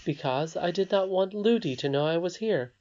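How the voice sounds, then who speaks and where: A narrator voicing a very old, wise great-great-grandmother, speaking softly and calmly. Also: medium pitch, moderate pace, voice pushed up, lightly acted. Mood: patient. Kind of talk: audiobook character voice. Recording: slightly dull lo-fi recording.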